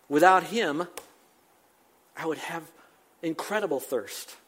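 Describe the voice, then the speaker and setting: Emphatic older male preacher, higher voice. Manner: emphatic, repetitive preaching with rising exclamations. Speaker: pastor. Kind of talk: sermon.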